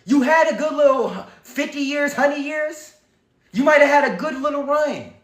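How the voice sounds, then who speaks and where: A man's voice: extremely high pitch, normal speed. A man hosting a livestream, giving a defiant, preachy monologue full of swearing. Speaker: livestream host. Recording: echoey room.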